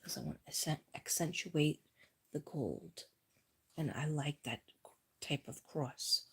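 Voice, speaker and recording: A breathy, husky woman talking slowly on a casual home live stream. Her voice sits a little low and she rambles, often sinking into a near whisper. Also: expressive. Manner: rambling, soft-spoken, often drops to a whisper.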